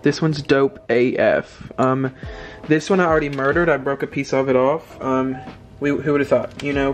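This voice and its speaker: A man chatting casually to camera in a vlog, dramatic and slangy as he talks. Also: mid-range voice. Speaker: vlogger.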